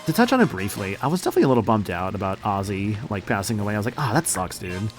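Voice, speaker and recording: A man's voice: fairly low pitch, animated, rapid-fire, soft background music. A man in his late twenties streaming a game and chatting casually, rambling and laid-back, swearing a lot. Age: late 20s.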